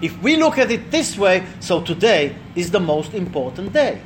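A middle-aged man leading a religious class, likely a rabbi or teacher, speaks at normal speed in a high voice with big pitch swings. He tells stories, poses questions to his listeners and acts out voices in a conversational style, over slight background noise.

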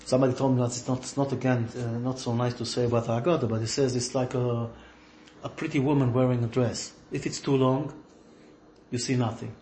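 Man teaching a lively class, echoey room. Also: mid-range voice, fairly quick, a little hiss or hum. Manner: storytelling, acts out dialogue with laughing outbursts. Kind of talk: informal Torah class.

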